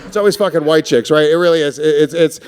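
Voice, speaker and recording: A man's voice: on the high side, quick pace. A man in his thirties doing a brash, profane stand-up comedy set with crowd work on a stage mic. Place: comedy stage before a live audience. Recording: live crowd laughter.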